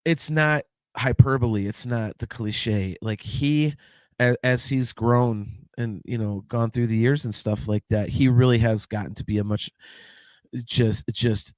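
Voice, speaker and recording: Emotional, halting man with a dry voice. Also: mid-range voice, fairly even intonation, darkish tone, no echo. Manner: emotional, halting, repeats words, swears casually. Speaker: podcast host. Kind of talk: heartfelt birthday tribute.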